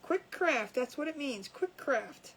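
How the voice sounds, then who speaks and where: A high-voiced woman chats away while she works on a craft project, cracking herself up as she goes. Her talk is loose and rambling, and there is a faint hiss of background noise around her voice. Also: expressive, takes it slowly, a bit bright, low-quality recording. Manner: chatty, laughs at her own jokes. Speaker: crafting livestream host. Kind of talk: casual chat while crafting. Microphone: camera over a crafting table.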